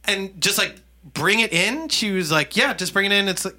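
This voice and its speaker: A man's voice: high voice, normal speed. A man co-hosting a casual podcast, telling a funny story with laughs and acted-out dialogue. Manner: animated, laughing, acts out dialogue. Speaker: podcast co-host.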